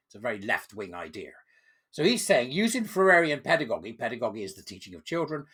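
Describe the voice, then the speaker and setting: Gravelly sarcastic man. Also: mid-range voice, fairly bright tone. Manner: sarcastic, mocking, chuckling. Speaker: channel host. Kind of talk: reading aloud and commenting.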